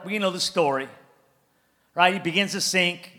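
A middle-aged man preaching a sermon with passion, repeating phrases, swinging between loud declarations and quiet asides. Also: high-pitched, normal speed. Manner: impassioned, repetitive, shifts between shouting and muttered asides.

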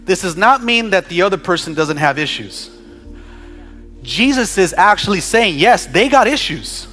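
A male pastor preaching a sermon, talking conversationally with humorous asides to the congregation and building to shouted prayers. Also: high-pitched, sing-song, normal speed, faint music behind.

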